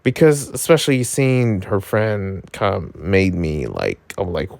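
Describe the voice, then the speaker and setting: A man giving a casual episode review, excitable and rambling, full of filler words and jokes. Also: unhurried, creaky, dry recording. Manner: jokey, yelps into high pitch.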